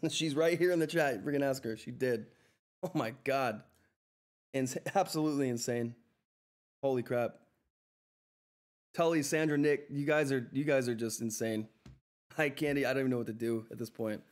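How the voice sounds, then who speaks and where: A man hosting a live stock trading stream, talking through price charts in an excitable, effusive way that repeats itself. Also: mid-range voice, normal speed, long pauses. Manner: excitable, effusive, repeats himself, says "all right?" often. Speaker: livestream stock trading host. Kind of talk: live market commentary and chat.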